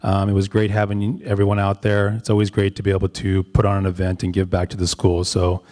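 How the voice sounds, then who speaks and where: Man at a school forum, lowish voice, relaxed and joking, reverberant hall. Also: fairly quick. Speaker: board committee chair. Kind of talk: presenting at a school member forum.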